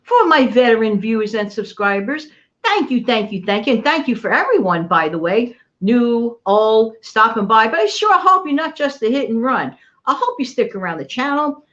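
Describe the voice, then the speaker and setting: A woman's voice: on the high side, very animated, normal speed, fairly bright tone. A woman hosting her own live channel, reading a recipe and chatting with viewers, greeting them by name and often repeating herself. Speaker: channel host. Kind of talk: casual livestream chat and recipe reading. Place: home, New York area. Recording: dull lo-fi livestream audio.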